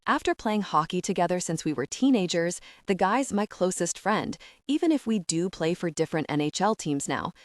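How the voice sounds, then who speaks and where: A woman narrating a first-person romance audiobook in a lively, conversational storytelling manner. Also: lowish voice, moderate pace, hardly any pauses, dry recording, clean studio sound.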